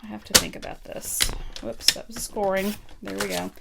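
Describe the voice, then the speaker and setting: Gravelly-voiced woman doing a live craft tutorial, lots of ums, noisy stream audio. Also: medium pitch, steady tone, moderate pace. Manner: chatty, thinking aloud with many ums. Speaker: card-making demonstrator.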